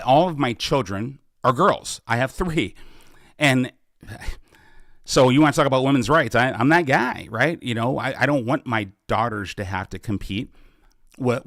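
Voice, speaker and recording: Middle-aged guy answering live questions, stumbles and restarts a lot, mid-pitched, dry close sound. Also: fairly bright tone, dry recording. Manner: halting, restarts often, earnest. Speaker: podcast host and political candidate. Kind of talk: live Q&A, casual campaign talk.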